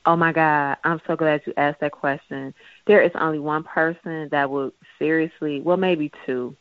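Woman, casual chat, animated, laughing, tinny phone-like sound, dry. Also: low-pitched, normal speed, dry recording. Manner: animated, laughing, acts out voices.

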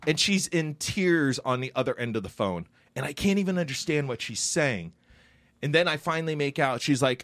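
Animated rambling male podcast host. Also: fairly high pitch, a little fast, no room sound. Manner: rambling, animated, acts out quoted voices. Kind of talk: casual storytelling chat.

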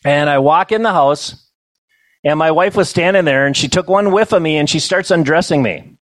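A middle-aged man telling humorous stories to a banquet audience, with a deadpan comic delivery and chuckles. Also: fairly high pitch, normal speed, no echo. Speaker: storyteller. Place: banquet hall.

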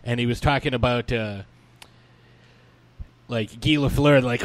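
Man in his thirties, mid-pitch voice, loose jokey podcast chatter. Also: fairly even intonation, moderate pace, pauses often, slight background noise. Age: 30s. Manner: rambling, jokey storyteller, swears. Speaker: podcast co-host. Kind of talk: casual chat.

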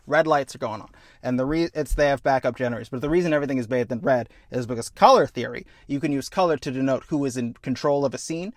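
Animated man pitching a film story. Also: quick pace, hardly any pauses, no room sound, studio quality. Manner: animated, acts out characters with profanity. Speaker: podcast co-host.

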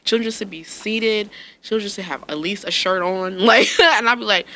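A woman in her thirties chatting casually, telling parenting stories with big acted-out quotes, swearing freely, and laughing often. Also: moderate pace. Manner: animated storyteller, acts out quotes with big pitch jumps, swears freely. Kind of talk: casual chat.

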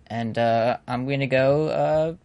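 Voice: medium pitch, steady tone, takes it slowly, a little mellow, dull audio. A podcast co-host in a casual outro, joking and laughing often while rattling off long lists of names.

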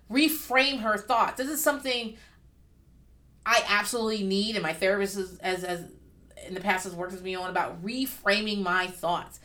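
A woman giving casual reaction commentary on a TV show, candid and profane, with lively asides. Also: mid-range voice. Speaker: vlogger.

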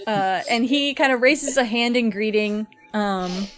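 A woman running a tabletop game as game master, narrating in a relaxed, rambling way with lots of fillers. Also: a little high, unhurried, background noise.

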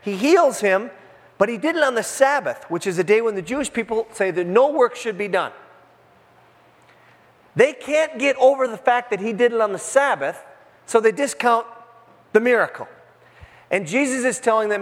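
A man's voice: sits high, expressive, moderate pace. A man preaching a sermon as pastor, in a conversational, emphatic way, sometimes acting out the people in the scene. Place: church sanctuary. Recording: church hall reverb.

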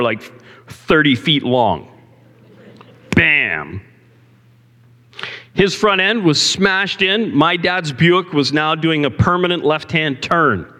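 A man's voice: on the high side, pushed and bright. A male pastor preaching a sermon in a church, talking conversationally and asking the congregation questions. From Canada. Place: church sanctuary. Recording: long hall reverb.

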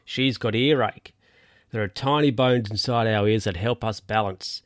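A man voicing a brisk, no-nonsense male dog doctor who lectures sternly in a storybook. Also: fairly low pitch, no echo, clean studio sound, close to an everyday voice. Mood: lecturing.

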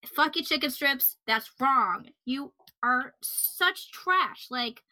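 A woman's voice: a little high, bright, forceful tone. A woman co-hosting a true crime podcast, telling the story casually with fillers, sometimes getting heated and swearing.

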